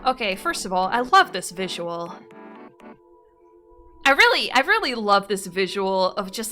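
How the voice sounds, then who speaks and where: A woman streamer reading out viewer confessions and reacting in an animated way, often breaking into laughter and swearing freely. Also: medium pitch, unhurried, long pauses, soft background music. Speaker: streamer host.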